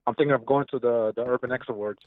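A man's voice: medium pitch, fairly even intonation, rapid-fire, no echo. A man calling in to a radio show, hesitant and stammering as he talks. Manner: hesitant, stammering, soft-spoken. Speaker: caller. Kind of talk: phone-in chat. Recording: tinny phone line.

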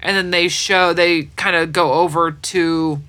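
Podcast co-host, woman, bright and a bit low, acts out scenes in her retelling. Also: steady tone, unhurried. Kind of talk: casual chat.

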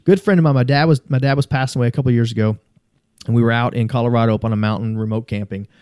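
Man, podcast guest; warm low-toned delivery, cusses casually, rambles earnestly through stories. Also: steady tone, very fast, clean tone, no room sound, studio quality. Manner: swears freely, rambling and earnest. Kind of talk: casual conversational storytelling.

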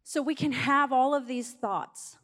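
High-voiced woman preaching in a reverberant church. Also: measured pace, a bit bright. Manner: conversational, urging the congregation along. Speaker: pastor. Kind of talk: sermon. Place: church sanctuary. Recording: long hall reverb in a church.

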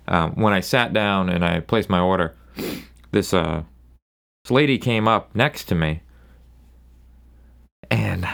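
A man's voice: fairly low pitch, creaky, fairly bright tone, smooth. A young man hosting a solo podcast, telling a rambling bar story in a wry, casual way. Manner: rambling, wry, does quick voices for people in his stories. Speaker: podcast host.

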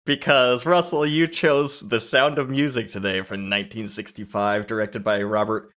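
A man's voice: fairly low pitch, little pitch movement, normal speed, a bit bright. A man co-hosting a podcast, talking in a playful, joking way in casual chat. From California. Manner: playful, jokey. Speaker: podcast co-host.

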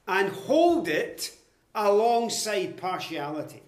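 High-voiced preacher in an echoey room. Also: male voice, big pitch swings. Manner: measured, emphatic, slows to stress quoted verses. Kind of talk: expository Bible teaching.

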